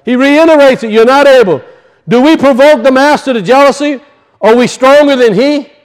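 A male pastor preaching a conversational sermon, acting out little voices and dropping low for asides. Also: moderate pace, clear, resonant tone.

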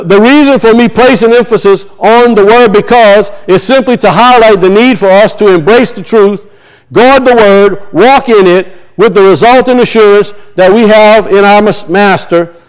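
A middle-aged male pastor with a notably high-pitched voice delivers a sermon. He keeps pressing the congregation with rhetorical questions, building and releasing emphasis as he preaches. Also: clean tone, poor audio.

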